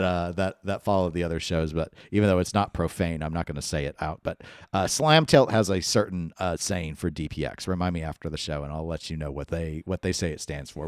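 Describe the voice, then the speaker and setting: A chatty male co-host talking through gaming news in a low voice. His delivery rambles between points. The sound is dry and close, with little room around it. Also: dry recording. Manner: rambling, chatty, laughs often. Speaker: podcast co-host. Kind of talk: casual chat.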